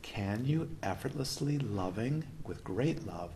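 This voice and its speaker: A man's voice: medium pitch, expressive, a little slow, dark tone, slight background noise. A man giving a playful, questioning dharma talk as a meditation teacher at a retreat. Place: retreat hall.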